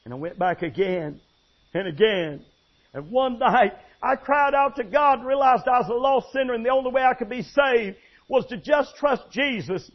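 A man's voice: very high-pitched, voice pushed up. A man voicing an elderly preacher in his eighties giving an earnest, fervent testimony. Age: 80s. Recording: dull lo-fi sound.

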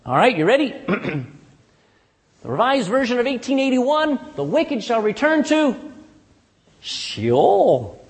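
A male preacher with a high, strongly swinging voice delivers a sermon in a folksy, animated way and keeps tossing "amen?" back to the pews. His voice rings through a church with a long, lingering reverb. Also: normal speed.

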